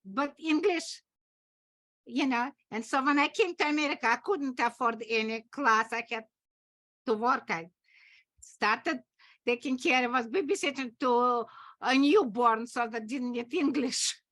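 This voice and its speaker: A woman from Russia with a Russian accent, an acting teacher telling stories in halting English and laughing often. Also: a little high, a bit bright. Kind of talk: conversational storytelling.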